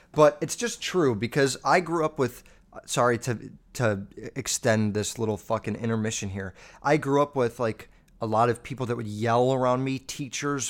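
Man, podcast host, profane rant, rambling, filler-heavy. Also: medium pitch. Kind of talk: casual ranting commentary.

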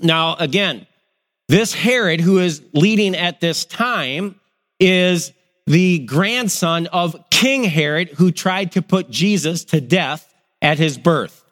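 A man's voice: fairly high pitch, slow pace, in a large hall. A middle-aged male pastor, telling stories in a sermon and acting out the voices in them. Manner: animated storyteller, acts out quoted voices. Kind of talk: sermon with personal storytelling.

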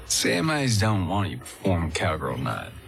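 Rough low-voiced industry guy, gravelly, swoopy tone, music under it. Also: wildly swooping pitch, moderate pace, heavily acted. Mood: blunt. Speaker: drama character.

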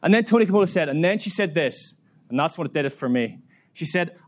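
A male preacher telling a story in a sermon, with lively, dramatic pacing. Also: on the high side, fast talker. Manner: lively, dramatic retelling with quoted voices. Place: church.

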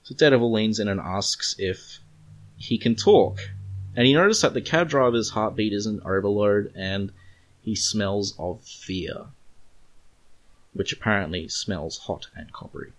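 An Australian man casually recapping and reviewing a comic book issue in a chatty, rambling way. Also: on the low side. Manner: chatty, rambling, reads comic lines aloud.

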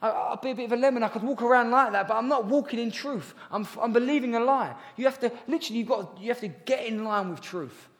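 A man's voice: very high voice, quick pace, few pauses. A young man preaching a sermon, earnest and chatty, with jokey asides to the congregation. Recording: long reverb of a large hall.

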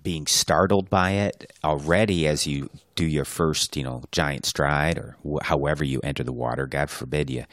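A man's voice: rumbling low, steady tone, moderate pace, few pauses, fairly bright tone, dry recording. A man co-hosting a casual podcast, joking and laughing often. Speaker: podcast co-host. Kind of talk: casual chat.

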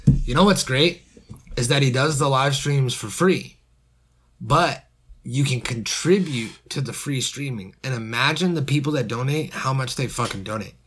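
A man's voice: medium pitch, normal speed, fairly bright tone, slight background noise. A young man co-hosting a podcast, mocking a video with incredulous, profane jokes. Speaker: podcast co-host. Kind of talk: casual comedic commentary.

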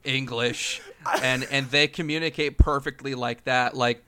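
A man co-hosting a podcast, talking in a casual comedic way with halting restarts and frequent laughs. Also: medium pitch, fairly even intonation, heavy background noise. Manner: rambling, laughs mid-sentence, halting restarts. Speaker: podcast co-host.

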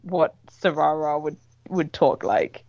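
A woman's voice: low-pitched, animated, slow, a little mellow, no room sound, muffled recording. A woman who draws a webcomic, chatting casually and loosely, with many fillers and acted-out reactions. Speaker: webcomic artist. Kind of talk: casual podcast chat.

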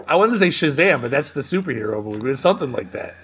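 A man's voice: mid-range voice, big pitch swings, fast, fairly bright tone, breathy edge. A man who is a comedian, a guest in a casual podcast chat, telling rambling anecdotes with dry jokes.

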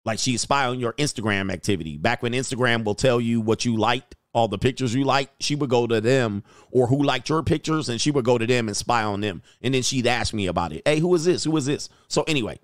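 A man's voice: medium pitch, fairly quick, hardly any pauses, no echo, clean studio sound. A middle-aged man, a dating coach, telling stories bluntly and with animation in casual commentary. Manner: blunt, animated storytelling with frequent laughs. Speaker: dating coach reacting to clips.

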